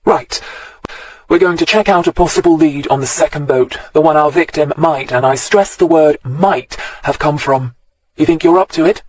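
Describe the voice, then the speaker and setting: A man doing a brisk woman detective inspector. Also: on the high side, close to an everyday voice. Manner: brisk, businesslike.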